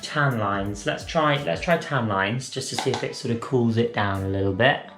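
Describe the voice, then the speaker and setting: A man's voice: medium pitch, moderate pace. Brief: male drag makeup vlogger, rambling playful chat, room echo with faint music. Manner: rambling, self-correcting, playful. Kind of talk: chatty makeup tutorial. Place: room at home.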